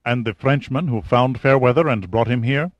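A man's voice: medium pitch, moderate pace, no room sound, close to an everyday voice. A man voicing a nervous, servile hospital doctor in an audiobook, speaking carefully and in a subdued way. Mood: uneasy deferential. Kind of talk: audiobook character reading.

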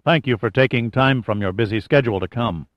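A man's voice: medium pitch, fairly quick, no echo, close to an everyday voice. A composed expedition leader who briefs and directs without fuss, voiced by a male audiobook reader close to his own voice. His delivery is level and plain. The recording is dry and a little muffled. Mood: matter-of-fact. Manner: level, matter-of-fact.

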